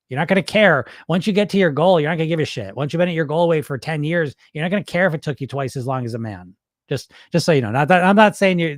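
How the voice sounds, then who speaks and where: A man with a voice a bit higher than most men runs a casual livestream Q&A as a weight loss coach. He talks bluntly and loosely, drops the odd swear and keeps asking "right?" The sound is dry and close, with no room around it. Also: dry recording.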